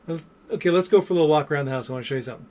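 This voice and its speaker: A man's voice: on the high side, racing, darkish tone, lightly acted. A man voicing a boastful wealthy boss in a story he tells on a vlog, showing off his house and teasing his employee. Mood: boasting.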